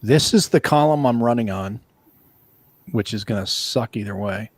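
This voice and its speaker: A man of middle pitch banters through a tabletop wargame, tossing out quips between his dice rolls. His talk is loose and casual. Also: moderate pace, dry recording. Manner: joking and wisecracking. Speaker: board game player, co-host. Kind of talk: casual chat over a wargame.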